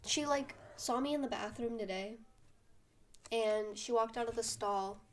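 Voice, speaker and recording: A teenage girl telling a school drama story in a casual vlog, animated and venting with lots of fillers. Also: a little high, a little slow, a little hiss or hum. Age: teens. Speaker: vlogger.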